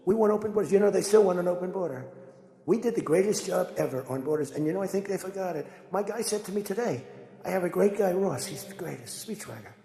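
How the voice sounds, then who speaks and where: An older man speaks in a rambling, storytelling way, his fairly high voice carrying a gravelly fry. The sound rings out through a large hall with a long, lingering reverb. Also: fast. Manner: rambling, conversational, animated storytelling. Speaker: political speaker. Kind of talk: rambling speech to a crowd.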